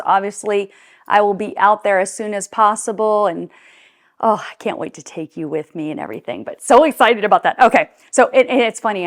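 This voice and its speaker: A middle-aged woman chatting casually in a clothing try-on video, bubbly and gushing, laughing often, on a clip-on mic indoors. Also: medium pitch. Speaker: fashion vlogger. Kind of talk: casual try-on haul chat.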